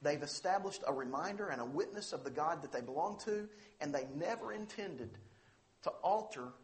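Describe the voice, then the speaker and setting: Guy preaching a sermon, fairly high voice, earnest and emphatic. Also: expressive, moderate pace. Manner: earnest, emphatic preaching with rising stress on quoted scripture. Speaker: pastor.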